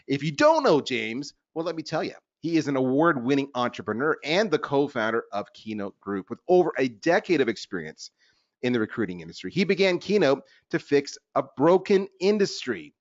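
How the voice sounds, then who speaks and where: A man hosting a business webinar in a lively, chatty, self-deprecating way. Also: medium pitch, brisk, dry recording. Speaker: webinar host. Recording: dull lo-fi webinar audio.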